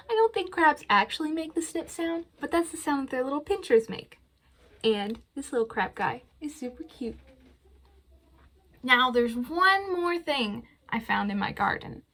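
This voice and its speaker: This is a woman leading a children's library storytime, seated in front of a camera. Her voice sits a little high and she takes her time, shaping every line in a gentle sing-song. She leads rhymes and animal-sound games for young listeners. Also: expressive, slow, pauses often. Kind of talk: reading aloud and leading songs for young children.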